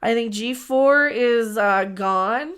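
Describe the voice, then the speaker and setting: Chatty woman streamer, slightly high voice. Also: takes it slowly, fairly bright tone, smooth. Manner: rambling, chatty, trails off and restarts. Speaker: livestream host. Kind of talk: casual livestream chat.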